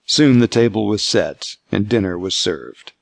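Male audiobook narrator, steady scripted reading, low gravelly voice, dry sound. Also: unhurried, no echo.

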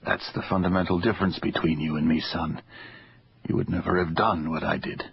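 A man's voice: low-pitched, steady tone, brisk, breathy edge, highs cut off, exaggerated voice. A man voicing a dying old father who is wry and stubborn, in an audiobook. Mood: grave.

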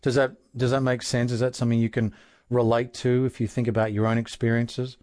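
An Australian man of middle pitch talks through feelings like a self-help coach. His delivery is earnest and explanatory, and he keeps stopping to ask rhetorical questions. The sound is dry and close, with no room echo. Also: flat delivery, fairly quick, a little mellow.

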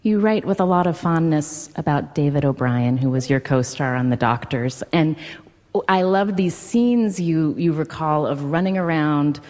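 A woman hosting a radio interview, asking measured, leading questions. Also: deep voice, a little mellow. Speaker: interview host. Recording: studio with long reverb.

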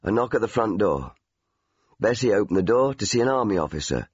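Low, husky older English memoir reader. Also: male voice, lively intonation, brisk, darkish tone, no echo. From England. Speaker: memoir narrator. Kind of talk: audiobook memoir reading. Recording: dull, dry studio recording.

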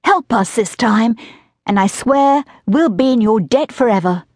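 A woman's voice: a little high, expressive, measured pace, a little mellow, no echo, clean studio sound, voice pushed up. A woman narrator voicing a brash, sturdy twelve-year-old boy in an audiobook. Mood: cheeky.

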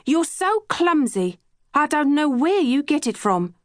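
Impatient mother, played by a woman reader, clipped, scolding, raised pitch, dry close sound. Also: lively intonation, moderate pace, no echo, lightly acted. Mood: exasperated. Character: impatient, image-conscious mother of two girls.

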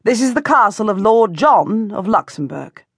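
A woman's voice: mid-range voice, lively intonation, normal speed, slightly rough, no echo, studio quality. A woman plays an elderly aristocratic aunt, commanding and decisive, audiobook read. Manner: firm, authoritative. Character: elderly noble great-aunt, commanding and kindly. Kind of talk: audiobook character voice.

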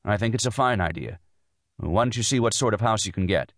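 A man's voice: fairly low pitch, a little fast, a bit bright, dry recording, clean studio sound, voice pushed up, close to an everyday voice. A man narrating an audiobook voices a busy young lawyer husband, brusque and a little dismissive. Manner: brusque, dismissive, then soothing. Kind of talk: audiobook dialogue.

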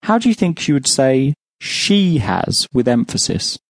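A man's voice: mid-range voice, big pitch swings, moderate pace, no room sound. An English man teaching a language lesson on an audiobook, patiently explaining and then asking the listener to answer. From England.

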